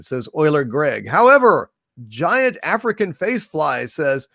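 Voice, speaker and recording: Man hosting a stream, slow and theatrical, with a lively, fairly high voice. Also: creaky, dry recording, studio quality. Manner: theatrical, hailing viewers grandly. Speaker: live-stream host. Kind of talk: reading viewer chat messages on a live stream.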